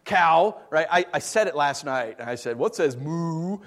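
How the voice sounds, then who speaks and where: A man preaching a sermon, animated and playful, dropping to hushed whispers and acting out what listeners might say. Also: fairly high pitch, unhurried. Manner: acts out listeners' voices in asides. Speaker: pastor.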